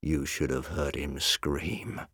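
A man playing a hushed, snarling murderer. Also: a bass voice, slow, breathy edge, no echo, clean studio sound, pitched below the performer's own voice, heavily acted. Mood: gloating. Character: grieving murderous man, obsessed and unhinged.

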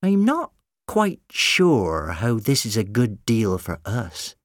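A man voicing a blunt, tough female pirate captain in a storybook reading, speaking slowly and flatly. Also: medium pitch, no room sound, studio quality. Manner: blunt, deliberate.

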